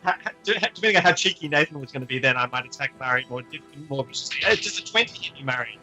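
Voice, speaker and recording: Bright-voiced man running the game. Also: medium pitch, expressive, very fast, faint music behind, rough recording. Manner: laughs often, playful. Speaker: game master. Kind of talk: narrating a tabletop game.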